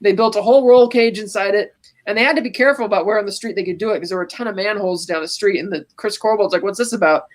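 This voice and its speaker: A podcast co-host on a call, casually recapping a film scene beat by beat in an animated, storytelling way. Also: mid-range voice, racing. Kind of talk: casual movie recap chat.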